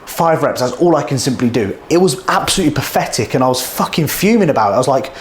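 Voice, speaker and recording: A man's voice: mid-range voice, lively intonation, fast talker, a little hiss or hum. A man in his thirties, a bodybuilding vlogger talking bluntly to camera indoors, swearing often. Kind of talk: casual vlog talking to camera. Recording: echoey indoor room.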